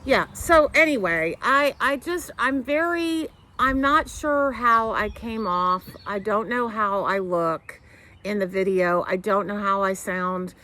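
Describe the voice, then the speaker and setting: A woman's voice: medium pitch, takes it slowly. A middle-aged woman hosting a knitting podcast, chatting casually to camera at home, rambling through tangents and fillers and talking with her hands. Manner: animated, talks with her hands. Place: home couch.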